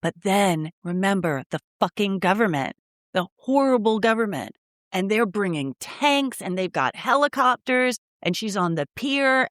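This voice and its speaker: A woman co-hosting a podcast, chatting casually about an old movie and retelling the plot with animated quotes. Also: medium pitch, no echo, studio quality. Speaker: podcast co-host. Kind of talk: casual movie rewatch chat.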